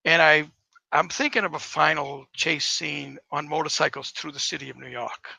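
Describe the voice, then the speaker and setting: A man's voice: fairly high pitch, fairly even intonation, moderate pace, gravelly, sharp tone, no echo, poor audio. A man who is an author, guest in a casual interview, telling his story in a rambling, enthusiastic way.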